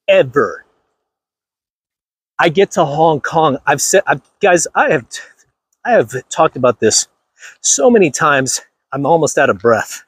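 Speaking directly to his viewers, this channel host rants with emphasis and says things over and over to drive them home. His voice is fairly high and slightly rough, on a dry recording.

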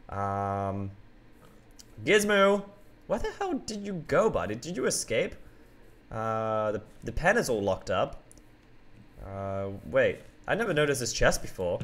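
A man hosting a game roleplay who talks excitably and keeps yelling out names and exclamations. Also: mid-range voice.

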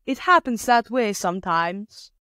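Woman voicing a calm, shrewd peasant woman. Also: medium pitch, dry recording, clean studio sound. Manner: calm, matter-of-fact, drawn-out haggling.

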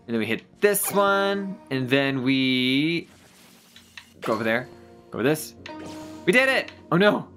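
Excitable gamer with a wildly swinging voice. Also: medium pitch, measured pace, pauses often, faint music behind. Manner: excitable, gasps and exclaims often; swears casually. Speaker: let's play gamer. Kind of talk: casual gameplay commentary.

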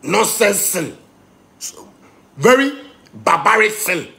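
A Ghanaian man rants in Pidgin-tinged English. His voice sits a touch high for a man and has a gravelly rasp. He swings from loud outbursts to low, heated muttering. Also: big pitch swings, takes it slowly. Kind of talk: angry rant.

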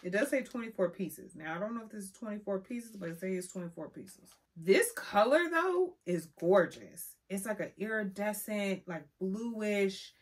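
A young woman vlogger reviewing press-on nails in a sassy, expressive way, calling her viewers honey. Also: medium pitch, normal speed, hardly any pauses, slightly rough. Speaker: beauty vlogger. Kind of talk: casual product review.

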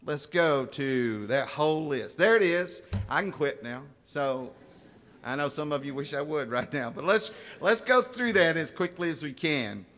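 Folksy preacher in a reverberant church. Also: male voice, on the high side, animated, a little slow, a bit bright. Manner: folksy storytelling, asks the congregation questions. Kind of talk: sermon. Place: church sanctuary. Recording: long church hall reverb.

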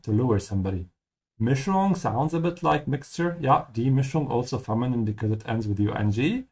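Brief: male language tutor, friendly and explanatory, animated delivery. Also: medium pitch. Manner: friendly, explanatory, repeats key words slowly. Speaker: German teacher. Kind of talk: explaining game dialogue as a language lesson.

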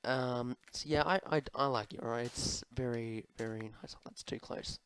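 A man's voice: medium pitch, normal speed, a bit bright, clean tone, poor audio. A young man rambling through viewer questions while he plays a game, full of ums, restarts and self-mocking asides, his throat a little sore. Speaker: gaming video host. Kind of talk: casual commentary while playing.

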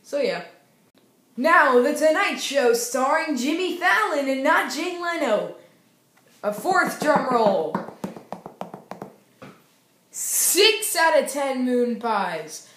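A goofy young woman rambles through her TV reviews, slow and drawn out, with sudden sing-song cheers. Her voice sits a little high and bounces around an echoey room. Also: lively intonation, a bit bright. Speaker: YouTube TV show reviewer. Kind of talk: casual vlog review.

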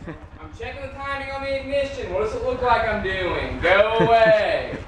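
A high, bright, piercing voice: a man acting out a whiny eighteen-year-old Batman obsessive who shouts back at everyone in defiant bursts. It sounds roomy and a little distant, caught by a handheld camera across the room. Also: lively intonation, normal speed, slight background noise. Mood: sulky.

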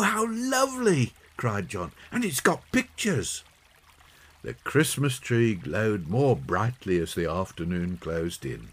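A man reading a children's story aloud in an expressive, unhurried way. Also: low voice. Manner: slow, lively expressive reading. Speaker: audiobook narrator. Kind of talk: storybook narration.

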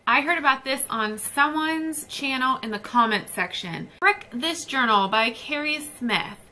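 A woman's voice: high voice, lively intonation, unhurried, pushed and bright, a little hiss or hum. A young woman chatting casually and gushing about books she received. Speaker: book vlogger. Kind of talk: casual book haul chat.

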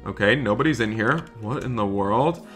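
A man's voice: lowish voice, expressive, moderate pace, fairly bright tone, breathy edge, soft background music. A man hosting a game roleplay, talking to viewers between polite hotel-staff lines. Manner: talks to viewers, switches to polite hotel-worker voice. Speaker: gaming roleplay host. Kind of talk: roleplay commentary.

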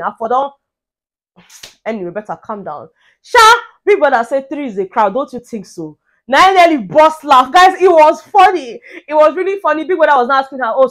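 Animated Nigerian woman vlogger. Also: on the high side. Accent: Nigerian English with Pidgin. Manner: animated, swings from hushed to loud exclaiming. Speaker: reality show recap vlogger. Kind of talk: casual commentary.

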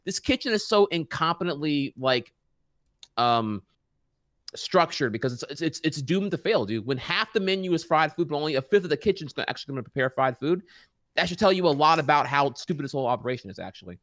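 A man's voice: fairly high pitch, lively intonation, fast, fairly bright tone, dry recording, studio quality. A man on a casual podcast, ranting in exasperation and saying dude a lot. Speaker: podcast co-host. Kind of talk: casual chat.

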